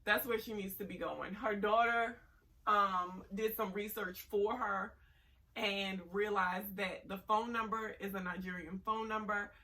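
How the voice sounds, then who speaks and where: Sassy bright-voiced woman reviewer. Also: medium pitch, steady tone, a little slow, recorded from a distance, rough recording. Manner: sassy, blunt, exasperated. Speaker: reality TV reviewer. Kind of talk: casual review commentary.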